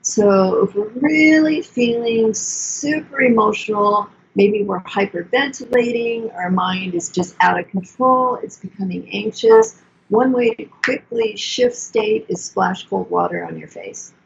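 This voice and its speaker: Older woman therapist with gravelly voice. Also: mid-range voice, animated, a little slow. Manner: earnest, coaching, self-soothing asides. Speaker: therapist guest. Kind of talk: explanatory podcast talk. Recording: dull lo-fi sound with faint noise.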